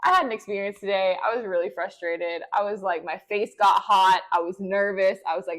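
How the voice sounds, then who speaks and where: A woman's voice: mid-range voice, fairly quick, hardly any pauses. Young woman podcast cohost, chatty storytelling, acts out everybody in it. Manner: animated, acts out voices in her story. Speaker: podcast co-host. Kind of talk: casual storytelling chat.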